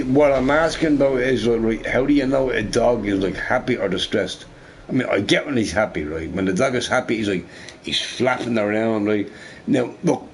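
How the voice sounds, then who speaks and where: A man's voice: medium pitch, a little hiss or hum. A man streaming a game, chatting casually with viewers in a rambling, profane, joking way.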